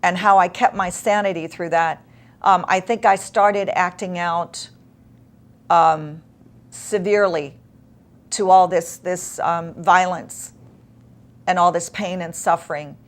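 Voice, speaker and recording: A woman guest in an interview, telling a painful personal story in an emotional, halting way with long pauses. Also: fairly low pitch, steady tone.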